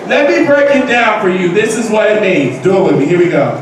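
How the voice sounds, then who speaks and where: A man giving an energetic motivational speech to a crowd, leading them in call-and-response. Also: very high voice, normal speed. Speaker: motivational speaker. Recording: echoey hall from far off, noisy.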